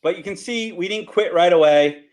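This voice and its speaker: A middle-aged man with a New Jersey accent tells tailgating stories over slides in a casual, animated way, often laughing and tagging lines with "right?". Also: high voice, normal speed, rough recording. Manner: animated, laughing, repeats himself, rhetorical "right?". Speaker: storyteller guest.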